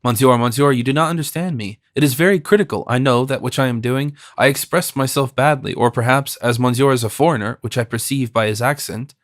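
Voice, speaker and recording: A man's voice: medium pitch, a little fast, hardly any pauses, no echo, studio quality, lightly acted. A man reading the part of a middle-aged innkeeper who speaks with anxious deference, rambling politely around his point. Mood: deferential.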